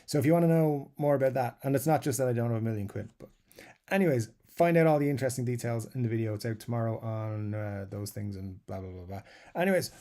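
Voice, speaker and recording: A man with a gravelly, low-set voice that has a warm, mellow tone. He hosts a live stream, casually reading viewer comments aloud and waffling through his answers, with fillers and easy chuckles. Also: fast. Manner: rambling, self-described waffler, many fillers. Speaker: guitar channel host.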